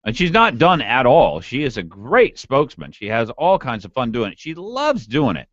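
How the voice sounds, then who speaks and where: Lively, animated male radio co-host. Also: medium pitch, moderate pace, no echo. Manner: animated, enthusiastic. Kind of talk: talk radio banter. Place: radio studio. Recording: dull lo-fi dry radio studio sound.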